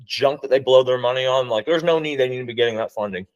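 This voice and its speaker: A man's voice: mid-range voice, quick pace, muffled recording. A man hosting a podcast, chatting casually and joking with his guest. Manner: lively, short backchannels, joking. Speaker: podcast host. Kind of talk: casual chat.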